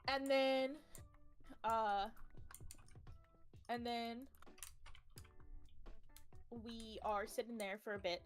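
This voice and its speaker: Uma jovem com sotaque americano conta uma história de forma animada e cheia de palavrões, imitando as pessoas com vozes mais agudas. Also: female voice, drawn-out words, long pauses, faint music behind. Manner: animated, acts out quoted people in higher voices, swears freely. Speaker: streamer. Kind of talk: casual storytelling on a game stream.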